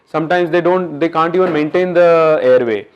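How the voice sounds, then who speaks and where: A man giving an interactive medical lecture at a workshop, quizzing the audience in a coaxing, brisk way. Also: fairly high pitch, clean tone, highs cut off.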